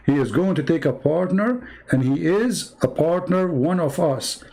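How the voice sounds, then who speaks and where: A man with a somewhat high-pitched voice hosts a live-streamed religious debate. His tone is mocking and sarcastic, and he laughs at his opponent. He repeats his points over and over for emphasis. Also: darkish tone. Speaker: livestream host debating a caller.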